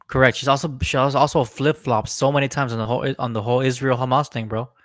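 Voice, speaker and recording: A man's voice: medium pitch, level tone, fast, a bit bright. A young man co-hosting a casual political chat, laid-back and agreeable, casually profane and fond of saying "bro.". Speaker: podcast co-host.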